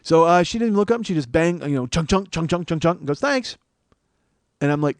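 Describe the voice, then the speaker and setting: Guy in his 40s rambling through a funny story, swears a lot, gets loud and high when he panics, dry close mic. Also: animated, fairly quick, dry recording. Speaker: comedian podcast host. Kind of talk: comedic storytelling monologue.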